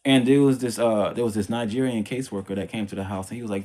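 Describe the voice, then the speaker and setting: A man's voice: on the low side, quick pace, a little mellow. A man telling his life story as a religious testimony in a casual, rambling, repetitive way. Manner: rambling, repetitive, emphatic retelling; religious language. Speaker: vlogger sharing a personal testimony.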